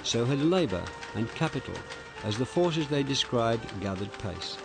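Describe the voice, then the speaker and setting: A man narrating a history documentary in a measured, deliberate way. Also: mid-range voice, expressive, music in the background. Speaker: documentary presenter.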